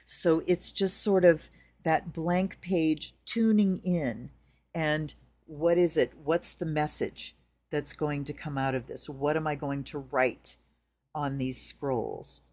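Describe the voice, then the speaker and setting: A woman's voice: deep voice, takes it slowly, darkish tone. A middle-aged woman giving a casual tarot reading, chatty and storytelling, acting out the things people say. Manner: chatty, storytelling with acted-out quotes. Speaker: tarot reader.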